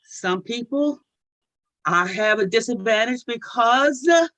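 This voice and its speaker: Woman panelist, non-native English speaker, very slow and deliberate. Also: fairly high pitch, animated, fairly bright tone, no echo, poor audio. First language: not English. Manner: deliberate, advisory. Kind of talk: online panel discussion.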